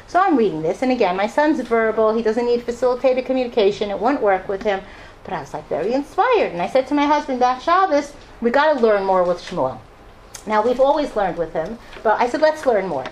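A middle-aged woman shares a personal story with an audience, animatedly acting out the voices of those she quotes. Her voice is fairly high and fairly quick, with slight background noise.

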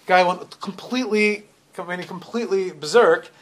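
A man's voice: sits high, moderate pace. A middle-aged man giving a storytelling sermon, retelling events animatedly with frequent restarts and repeated words.

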